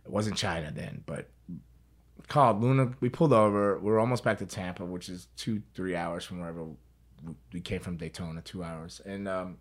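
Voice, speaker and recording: A man's voice: fairly low pitch, expressive, fairly quick. A man telling a story as an interview guest, in a casual, rambling way, repeating words and swearing freely.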